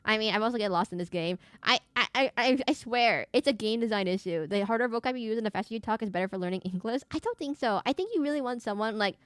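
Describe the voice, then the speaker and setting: A young woman streaming a horror game, chatting fast and rambling with a slight lisp, often correcting herself mid-sentence. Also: a little high, lively intonation, clean tone, dry recording. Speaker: VTuber streamer. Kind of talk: casual live-stream chat while gaming.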